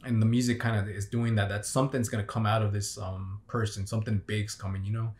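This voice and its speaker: A young man with a fairly low voice talks through a film review off the cuff. He rambles, restarts his sentences and fills the gaps with "um" and "like". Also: flat delivery, quick pace, darkish tone. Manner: rambling, many fillers and restarts. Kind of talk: casual unscripted movie review.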